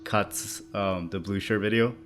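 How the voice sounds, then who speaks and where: A man's voice: fairly low pitch, steady tone, measured pace, soft background music. A man hosting a casual podcast chat, asking questions hesitantly with fillers. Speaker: podcast host.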